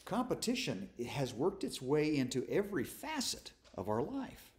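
Male pastor, informal study sermon; folksy and self-mocking, lots of restarts, lively up-and-down delivery. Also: fairly high pitch, normal speed. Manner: folksy, conversational, self-deprecating humor; stumbles and restarts often. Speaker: pastor leading a Bible study.

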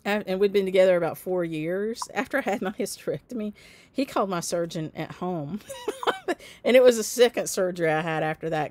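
A woman's voice: on the low side, darkish tone. A woman in her fifties telling a long personal story in casual chat with her viewers, laughing often and answering their comments by name. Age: 50s. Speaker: host of a stitching channel.

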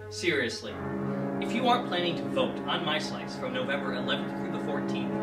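Young man, aggressive profane rant, animated pitch, music playing behind. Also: brisk. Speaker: student election announcer. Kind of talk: scripted comedic rant. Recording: roomy echo, distant mic, music.

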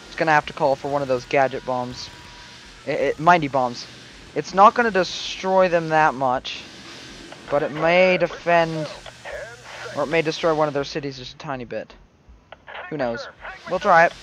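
Excitable young-sounding gamer man yelling bursts. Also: fairly high pitch, normal speed, pauses often, slight background noise. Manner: excitable, swings between mumbling and sudden yells. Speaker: gaming channel host. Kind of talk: let's play commentary.

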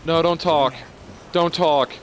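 A young man giving live commentary on a video game he is playing, excitable and swearing as he reacts out loud. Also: a little high, slow, a little hiss or hum. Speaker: gameplay streamer. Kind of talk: live let's-play commentary.

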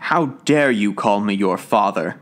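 A stern old gentleman speaks with hard, grieving suspicion, as a man reading a storybook puts him on. His tone is clipped and heavy, the voice of a proud father weighed down by loss. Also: lowish voice, expressive, a little slow. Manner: angry then sorrowful.

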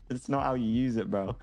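A man's voice: mid-range voice, mellow. A British man chatting casually in a roleplay game, teasing his friend with lots of British slang. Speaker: roleplay player.

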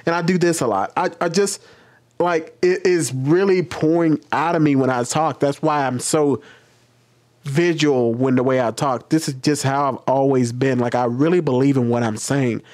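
A man hosting his own channel, giving casual commentary to camera in an animated, passionate way. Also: medium pitch, moderate pace. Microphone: webcam.

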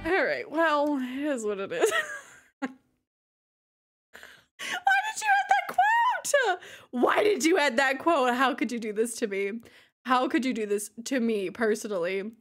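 A woman's voice: on the high side, animated, normal speed, faint music behind. A young woman streaming a life-sim game who keeps exclaiming and breaking into helpless laughter as she greets chat. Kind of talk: live gaming stream chat.

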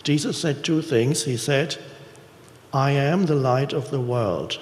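Casting: man of middle pitch, calm and deliberate spiritual speaker, recorded in an echoey hall. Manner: calm, measured, with deliberate pauses. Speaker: speaker on stage. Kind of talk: spiritual talk.

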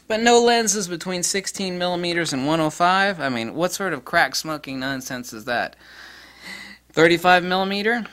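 Bright-voiced, blunt man ranting about gear. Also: on the high side. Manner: blunt, crude and excitable, with bursts of laughter. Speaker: camera gear reviewer. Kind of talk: casual product review vlog.

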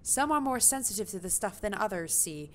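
A talkative male trader on a sailing ship rambles on in a rough attempt at a British accent, put on by a woman. The lines come out read and halting, as if off a screen. The pitch stays in a middle range. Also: expressive, lightly acted. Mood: folksy. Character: grizzled male peddler on a ship, chatty.

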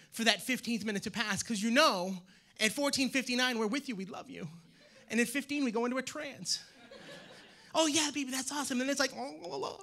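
A man from Maine performing a loud, animated stand-up set on a theater stage. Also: sits high. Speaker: stand-up comedian. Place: theater stage with live audience.

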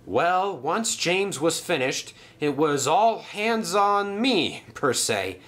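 A man's voice: a little high, sing-song, takes it slowly, fairly bright tone, pitched above the performer's own voice, heavily acted. A man voicing a good-humoured male engine who speaks politely and with a chuckle. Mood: cheerful.

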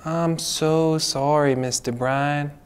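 A man voicing an eager young boy puppet in a children's church skit, earnest and apologetic and quick to get upset. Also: a little high, darkish tone.

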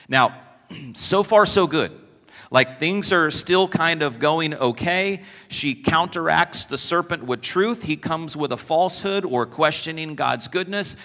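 A man preaching a sermon as pastor, animated and conversational, telling stories to his congregation in a church sanctuary. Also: a little high, measured pace. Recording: long church reverb.

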